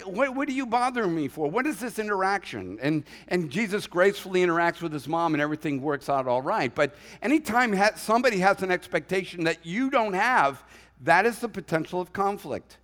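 A male pastor with a high-pitched voice delivers a relaxed, conversational sermon. He jokes, acts out little quotes and asides, and the sound rings with a long reverb from the church hall. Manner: conversational preaching with humorous asides and acted quotes.

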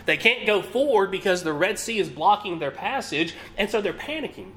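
A man's voice: high-pitched, expressive, moderate pace, hardly any pauses, a bit bright, a little hiss or hum. A man preaching a sermon, reading scripture aloud and putting rhetorical questions to his listeners.

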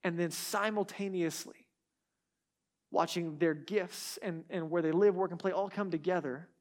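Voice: medium pitch, moderate pace, a little mellow. A pastor preaching a sermon in a conversational way, with restarts and asides, who repeats key words for emphasis.

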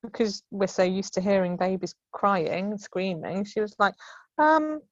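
A woman's voice: mid-range voice, little pitch movement, moderate pace, dry recording. Woman in her thirties, chatty storyteller, laughs a lot, dry close sound, slightly muffled call audio. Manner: chatty, laughs often, acts out quoted voices. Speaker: podcast guest. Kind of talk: casual storytelling. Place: at home. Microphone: remote call.

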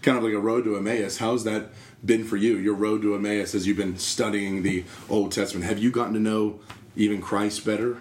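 A man with a fairly low voice hosts a relaxed conversation about faith. He retells scripture scenes animatedly, acting out the speakers, then turns to his guests with questions. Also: fairly quick, roomy sound. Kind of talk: casual discussion.

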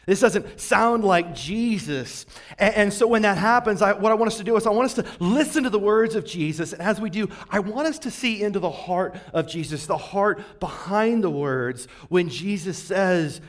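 A male pastor in his forties preaches in a relaxed, conversational tone, with a voice that sits somewhat high for a man. He keeps drawing the congregation in with rhetorical questions, and his pace and volume ease up and down as he builds his points. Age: 40s. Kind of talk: sermon.

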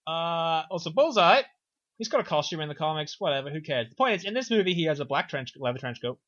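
A man's voice: a little high, animated, quick pace, a bit bright. Man, casual film recap, sarcastic and sweary, offhand, muffled lo-fi audio. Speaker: podcast co-host reviewing a film. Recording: dull lo-fi sound.

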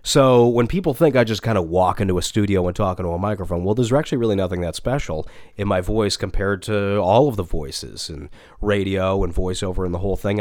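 A man, a voice actor and podcast co-host, telling an animated, rambling story with some swearing in casual chat. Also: lowish voice, dry recording, studio quality.

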